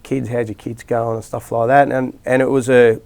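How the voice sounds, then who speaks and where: A man's voice: medium pitch, little pitch movement, moderate pace, vocal fry, darkish tone. A middle-aged Australian man, a rugby league coach, telling rambling stories in a casual interview with lots of restarts and fillers.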